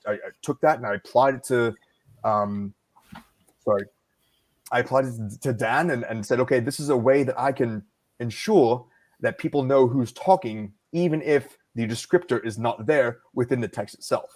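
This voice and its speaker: Male narrator guest, mid-pitched, casual, thinks aloud and restarts as he explains. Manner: halting, thoughtful explainer. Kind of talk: casual conversation.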